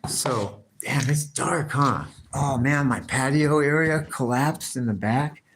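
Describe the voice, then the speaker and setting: A man's voice: medium pitch, takes it slowly, a bit bright, slight background noise. A man hosting a live stream, rambling in casual chat full of profanity and slang, calling everyone "dude". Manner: profane slangy chatter, constantly saying "dude". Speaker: livestream host.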